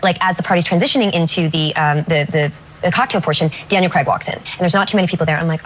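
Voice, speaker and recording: A woman telling a self-deprecating anecdote as a talk show guest, as an animated storyteller. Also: on the low side, racing, slight background noise.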